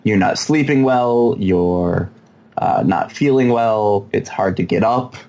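A man's voice: on the low side, slow, darkish tone. A man co-hosting a podcast in casual chat, asking questions, explaining things and teasing his co-host.

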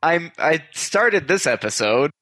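A man's voice: fairly high pitch, big pitch swings, measured pace, pushed and bright, no room sound. Man hosting a podcast, rambling. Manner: rambling, self-correcting. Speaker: podcast host. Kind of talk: casual chat.

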